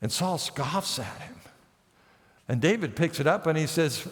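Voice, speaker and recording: A man preaching a sermon as pastor, telling the story lively and acting out the characters' lines with light self-mocking humor. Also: fairly high pitch, measured pace, pauses often, long reverb tail. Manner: storytelling, acts out the characters' quotes. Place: church sanctuary.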